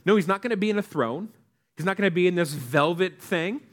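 A man preaching a sermon in a relaxed, conversational way, asking the congregation questions and acting out quoted lines. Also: sits high, a little fast. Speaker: pastor.

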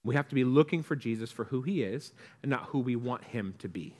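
With a mid-range voice and a brisk delivery, this male pastor preaches casually, quizzing his congregation and performing quoted lines as he goes.

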